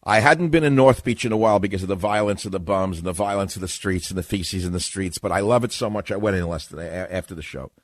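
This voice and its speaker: A man's voice: low voice, fast, hardly any pauses, no echo. A man hosting a radio talk show, ranting sardonically in a monologue.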